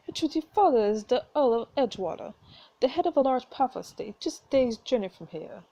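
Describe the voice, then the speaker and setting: A woman voicing a gentle dying mother who speaks softly and weakly, read aloud from a story game. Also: on the high side, lively intonation, a little fast, muffled recording. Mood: tender, weak. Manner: soft, faint, pleading.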